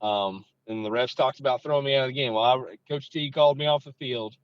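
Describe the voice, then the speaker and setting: A man, a football coach speaking as a guest in a relaxed interview, full of "you know" and lively when he tells stories. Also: mid-range voice, fast, clear, resonant tone, dry recording, lo-fi sound. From Georgia, US. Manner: relaxed, leans on "you know", gets animated telling stories. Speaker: high school head football coach, guest. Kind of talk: casual interview storytelling.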